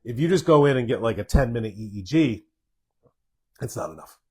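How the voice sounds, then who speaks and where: A man's voice: mid-range voice, animated, brisk, darkish tone, breathy edge. A man, a doctor, answering viewer questions in a live Q&A, plainspoken and direct as he reads each question aloud and responds. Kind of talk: live Q&A reading viewer comments.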